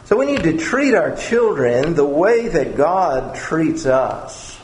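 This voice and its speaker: This preacher's voice sits on the high side, sing-song and slow. He earnestly works through his sermon, repeating words as he gropes for phrasing, recorded in an echoey room with faint noise behind.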